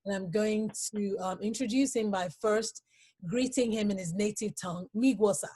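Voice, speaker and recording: A woman's voice: mid-range voice, mellow, husky. Emotional woman talk show host. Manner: halting, emotional, laughs often, many fillers. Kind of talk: emotional interview.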